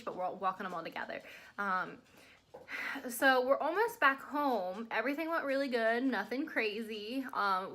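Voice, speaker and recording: A woman's voice: a little high, bright, forceful tone. A woman vlogger telling a story in a chatty, rambling way, at home with her dogs nearby. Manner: chatty, rambling retelling with quoted dialogue. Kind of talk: casual storytelling vlog.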